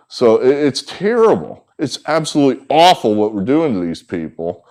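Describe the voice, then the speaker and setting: A man's voice: medium pitch, very animated, normal speed, a little mellow. A man with a mid-range voice delivers an indignant, sarcastic monologue. He mocks the people he talks about and now and then acts out their lines. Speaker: sports handicapper and commentator. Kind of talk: opinionated monologue.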